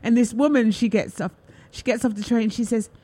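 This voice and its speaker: A woman hosting a talk show, chatting casually and telling an animated story, acting out what people said. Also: on the high side, a little fast. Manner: animated, acts out quotes in lively voices. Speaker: host.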